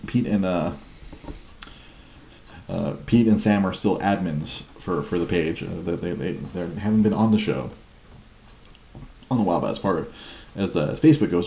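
Host: deep man, mellow and gravelly, rambling, chuckling and stammering in a roomy echo. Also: moderate pace, pauses often. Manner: rambling, laughs often, stammers and repeats words. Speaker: livestream show host. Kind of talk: casual chat. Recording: roomy echo with faint noise.

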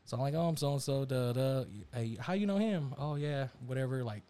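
Young man telling a story, animated. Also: medium pitch, brisk, smooth. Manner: animated slang-heavy storytelling, acts out quotes. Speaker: storyteller on a podcast. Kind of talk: casual storytelling chat.

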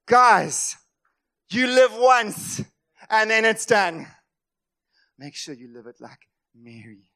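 Male pastor, high-pitched, passionate sermon delivery with sharp loud-soft swings. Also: expressive, measured pace. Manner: impassioned, swings between loud emphatic lines and quiet asides; acts out voices of worried people.

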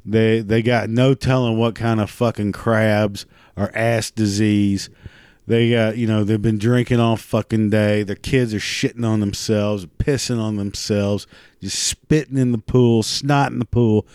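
Foul-mouthed, low-voiced man ranting. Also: steady tone, a little mellow, clean tone, dry recording, studio quality. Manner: profane, crude, ranting; rambling, halting restarts. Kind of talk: casual monologue rant.

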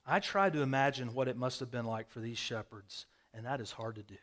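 A man preaching a sermon, telling vivid stories with sudden swings from loud bursts to quiet, hushed phrases. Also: medium pitch, fairly quick. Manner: storytelling, dramatic swings in loudness. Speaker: pastor. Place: rural home with a hayfield.

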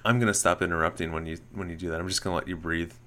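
A man's voice: low-pitched, steady tone, racing, pushed and bright, slight background noise. A man hosting a casual sports podcast, teasing his co-host and laughing at him.

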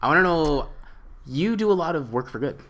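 A man hosting a podcast, chatting casually and jumping in with quick remarks. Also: fairly high pitch, lively intonation, fairly bright tone. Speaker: podcast host. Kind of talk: casual chat.

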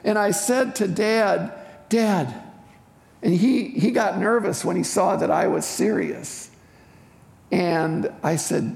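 An older speaker from eastern Wisconsin giving a personal testimony sermon in a church sanctuary, telling the story in a heartfelt, unhurried way with emotional swells. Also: medium pitch, vocal fry, a little mellow. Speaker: guest speaker at a church service. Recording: echoey hall with faint music.

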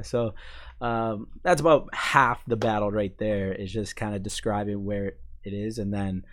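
A young man from Chicago who grew up in Maine, chatting casually as an interview guest, full of fillers and restarts and quick to laugh. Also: lowish voice, fairly even intonation, fairly bright tone. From Chicago, raised in Maine. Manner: halting, many fillers and restarts, laughs easily. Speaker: sports information staff, podcast guest.

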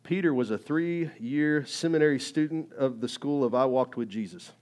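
A man preaching a sermon in a conversational, animated way, full of fillers and rising emphatic bursts. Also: mid-range voice. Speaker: pastor.

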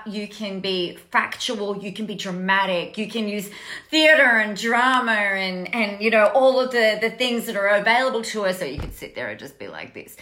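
A woman's voice: medium pitch, pushed and bright. A woman with an Australian accent, chatting casually to camera as a business coach, telling a story with lots of swearing and laughter.

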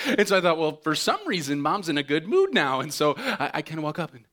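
A man's voice: on the high side, fast, few pauses. A middle-aged man preaching a sermon, telling comic stories and acting out voices with lots of bounce. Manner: animated, jokey, acts out voices in his stories. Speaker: pastor.

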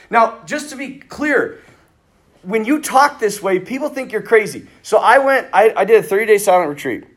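Middle-aged priest guy, chatty sermon, raspy, lots of ups and downs. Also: high-pitched, normal speed. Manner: conversational, animated, acts out quoted dialogue. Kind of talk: sermon with storytelling.

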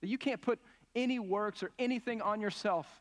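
A pastor with a slightly higher voice preaches a sermon earnestly and emphatically, often asking his congregation questions. He speaks a little fast, and a long reverb tail from the church sanctuary follows his words.

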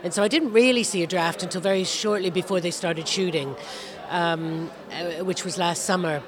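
A woman's voice: lowish voice, normal speed, a crowd in the background. A woman, an author guest, answering interview questions in a wry, self-deprecating way with small chuckles.

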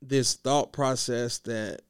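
A man coaching youth basketball, venting in a casual vlog monologue, slangy and animated, worn out from yelling. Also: medium pitch, slow, clear, resonant tone, no room sound, clean studio sound.

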